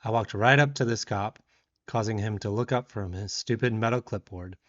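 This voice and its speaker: A man from the South, telling a lively story as a woodworking vlogger and shouting out the quoted lines. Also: on the low side, normal speed, muffled recording. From Southern United States. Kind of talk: storytelling voice-over.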